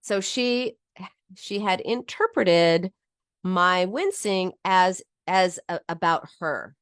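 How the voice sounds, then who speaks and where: A woman's voice: on the low side, slow pace, fairly bright tone, clean tone, no echo, clean studio sound. A middle-aged woman teaching about binge eating in a heartfelt personal talk, often restarting her sentences. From United States. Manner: earnest and heartfelt, with frequent restarts.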